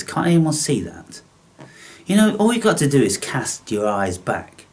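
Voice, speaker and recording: A man ranting at his viewers with open contempt and constant swearing. His pitch swings widely, from high outbursts down to low mutters. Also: darkish tone. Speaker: channel host. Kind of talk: angry monologue to camera.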